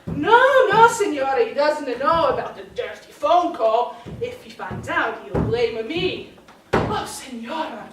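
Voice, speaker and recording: Woman doing a high-voiced italian housewife, broken english, real theatrical, sounds far off in an echoey theater. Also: big pitch swings, unhurried, over music. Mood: frantic. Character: excitable Italian housewife locked at home. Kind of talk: stage monologue. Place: theater stage. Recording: distant, echoey live theater recording.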